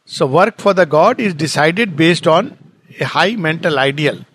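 A man with a high-pitched voice, teaching in a reflective, explanatory way. He leaps up in pitch when quoting others and chuckles often. The sound is close and dry, with no room echo. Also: expressive, unhurried, fairly bright tone, breathy edge. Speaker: spiritual teacher. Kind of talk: spoken commentary on a poem.

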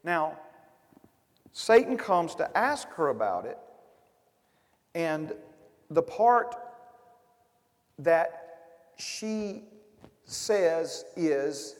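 High-voiced preaching man in a reverberant hall. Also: big pitch swings, extremely slow, pauses often. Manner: fervent preaching, loud emphatic bursts then quiet asides. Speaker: pastor. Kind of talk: sermon.

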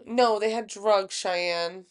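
A young woman co-hosting a casual podcast, blunt and profane as she tells stories. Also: mid-range voice. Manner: blunt, profane, quick storyteller. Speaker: podcast co-host.

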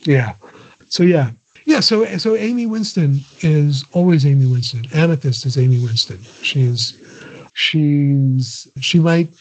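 Older man, husky voice, digressive. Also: medium pitch, darkish tone. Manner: digressive, many restarts, chuckling. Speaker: guest. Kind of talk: casual interview chat. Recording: dull lo-fi audio.

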